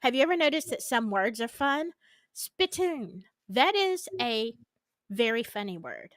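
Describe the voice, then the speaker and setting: A woman's voice: a little high, sing-song, a little slow, a bit bright, dry recording. A woman who works as a nurse, co-hosting a casual podcast chat in a playful manner. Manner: playful, laughs often.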